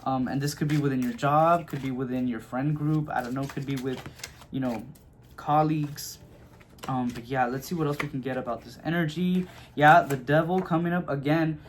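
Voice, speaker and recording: A man's voice: medium pitch, fairly even intonation, normal speed, a little hiss or hum. A man giving a casual tarot reading, chatty and loose, full of fillers and "okay?" check-ins. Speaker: tarot reader.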